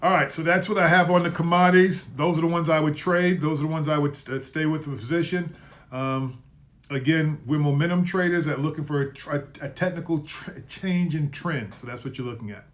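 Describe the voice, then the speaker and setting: A man's voice: on the high side, fairly even intonation, brisk. A man hosting a live market commentary stream, casually going over trades and price levels, often correcting his own slips. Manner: casual, self-correcting, trips over words; recaps trades with repeated levels and calls.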